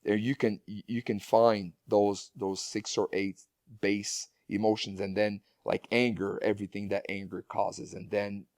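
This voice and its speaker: A man's voice: lowish voice, level tone, unhurried, darkish tone, no echo, clean studio sound. A man talking casually as a guest speaker in an interview, speaking with frequent restarts and repeated words. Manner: rambling, many restarts and repeated words, laughs often.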